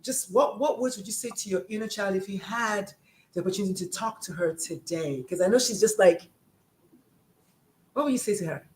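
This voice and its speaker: A woman's voice: mid-range voice, brisk, darkish tone, echoey room, low-quality recording. A woman hosting a podcast, effusive and chatty, acting out quoted dialogue as she tells stories. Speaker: podcast host, gender and sexuality coach. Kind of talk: casual podcast conversation.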